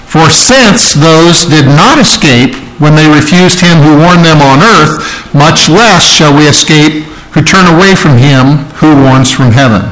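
A man's voice: a little high, lively intonation, a little slow, hardly any pauses, a bit bright, rough recording. A man preaching an expository sermon, explaining scripture word by word, with frequent restarts and rising emphasis on key phrases. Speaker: pastor.

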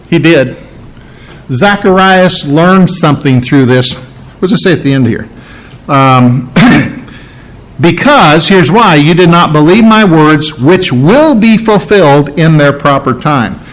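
Lively, conversational male preacher. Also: sits high, rough recording. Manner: emphatic repetition. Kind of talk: sermon.

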